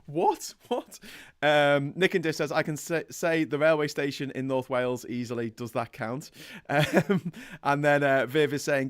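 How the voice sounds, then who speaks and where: A man co-hosting a casual live-stream chat, joking, laughing often and reading out viewer messages. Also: fairly high pitch. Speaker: co-host reading viewer comments.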